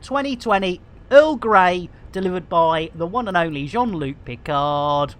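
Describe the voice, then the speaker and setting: Lively, rambling woman streamer. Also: lowish voice, unhurried. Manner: rambling, jokey, self-mocking, theatrical. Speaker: game streamer host. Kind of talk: live game stream chat.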